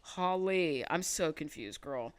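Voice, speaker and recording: A young woman co-hosting a podcast, recapping a reality show in casual chat, sarcastic and animated, swearing freely and mimicking people. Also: deep voice, slow. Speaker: podcast co-host.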